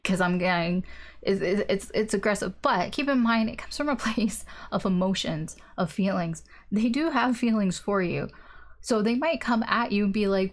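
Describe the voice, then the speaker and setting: Casting note: woman, tarot reader, mid-pitched, frank and chatty, quick to laugh. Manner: candid, chatty, laughs often and swears. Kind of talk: casual tarot reading.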